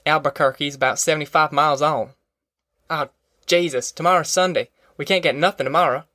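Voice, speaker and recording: Practical young farmhand, read by a male narrator; easygoing drawl, a touch higher than the narrator, dry close recording. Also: steady tone, fairly quick, pushed and bright, dry recording. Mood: steady. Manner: drawling rural dialect. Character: young adult male farm worker, steady and practical.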